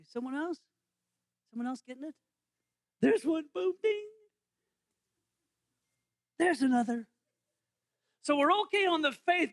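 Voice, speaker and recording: A man's voice: extremely high pitch, a bit bright. A male pastor giving a playful, interactive sermon in a church, quizzing the congregation. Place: church sanctuary.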